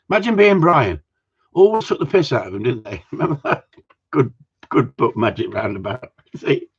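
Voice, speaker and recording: Man, husky voice, lively swooping pitch, cheeky and sweary, rambling stream host, dull lo-fi sound. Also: normal speed, long pauses. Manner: cheeky, sweary, jumps between topics. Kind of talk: rambling live chat.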